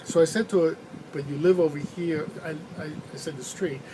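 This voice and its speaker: Male rideshare driver, easygoing storyteller with a slightly high voice, recorded in a noisy car cabin. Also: fairly even intonation, brisk. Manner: rambling, easygoing, chuckles while telling it. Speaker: rideshare driver and channel host. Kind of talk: casual anecdote storytelling.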